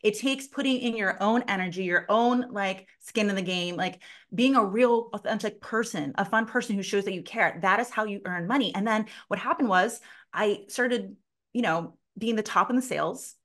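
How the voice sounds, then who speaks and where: Animated woman telling sales stories. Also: mid-range voice, normal speed. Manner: animated, acts out quoted voices, heavy use of "like"; blunt, swears casually. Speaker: sales consultant guest. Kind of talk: casual storytelling in an interview.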